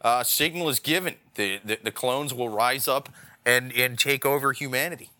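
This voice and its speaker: A man's voice: medium pitch, normal speed, bright, forceful tone. A man co-hosting a podcast in casual chat, joking and spinning absurd stories. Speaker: podcast co-host.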